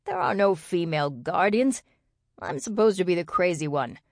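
A woman voicing an irritable, gruff male bear shifter who snarls his lines in exasperation. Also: high voice, lively intonation, normal speed, no echo, clean studio sound. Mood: exasperated.

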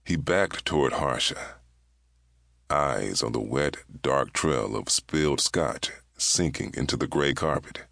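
A man reading a thriller aloud in steady, grave audiobook narration. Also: a bass voice, slow, gravelly, no room sound, studio quality.

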